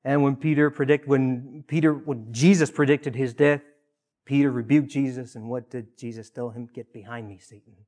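Male preacher, mid pitch, earnest sermon delivery with emphatic repetitions. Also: steady tone, a little mellow. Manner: earnest, rises in emphasis on key points with pauses and repeated phrases.

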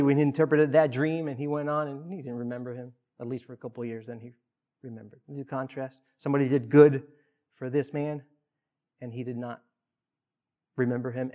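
A male pastor delivers a sermon in an ordinary mid-pitched voice. His delivery is earnest. He leans hard on emphasis, then falls back to hushed, quiet lines. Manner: earnest preaching, swinging between loud emphasis and hushed asides.

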